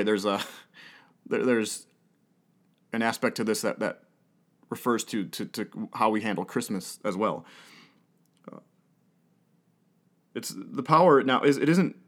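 A man in his thirties preaches a sermon in a voice of middling pitch. He talks earnestly, building points through repetition and rhetorical questions, and laughs now and then. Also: a little slow, long pauses. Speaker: pastor.

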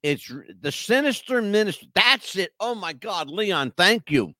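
On a casual podcast, a male co-host tells rambling, emphatic, animated stories. His voice is high and his pace measured, with studio-quality sound and no room noise.

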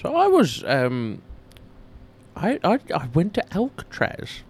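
A man co-hosting a comedy podcast, spinning playful deadpan tall tales. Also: high voice, slow pace, breathy edge. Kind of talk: improvised absurd storytelling.

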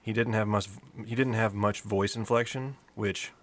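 A man's voice: lowish voice, fairly even intonation, moderate pace. A man talking casually on a podcast, rambling and cursing, often restarting his sentences. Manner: rambling, profane, restarts mid-thought. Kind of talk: casual chat.

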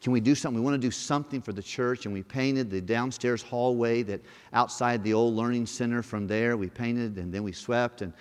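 A guest pastor telling a folksy personal story in a sermon, acting out conversations. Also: male voice, lowish voice. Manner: folksy storytelling, acts out dialogue in lively quoted voices. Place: church service. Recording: long reverb of a church hall.

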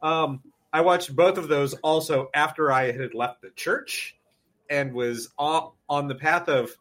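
A man co-hosting a casual podcast and throwing in wry, sarcastic quips. His voice sits a little higher than most men's. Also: measured pace, a bit bright. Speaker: podcast co-host. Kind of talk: casual chat.

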